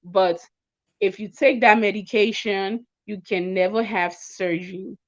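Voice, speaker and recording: A woman's voice: mid-range voice, fairly even intonation, measured pace, dull audio. A young woman giving an emotional personal testimony as an interview guest, stammering and repeating words as she tells her story. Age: young adult.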